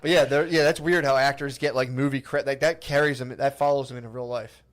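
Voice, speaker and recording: A man's voice: medium pitch, fairly even intonation, fast talker. A man co-hosting a casual comedy podcast, joking loosely and swearing often.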